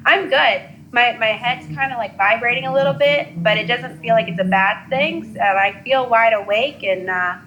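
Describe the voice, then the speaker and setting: A woman giving a live psychic reading, talking in an earnest, halting way with many restarts and fillers. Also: a little high, sharp tone, a little hiss or hum, poor audio. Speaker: psychic reader. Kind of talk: live intuitive reading, casual.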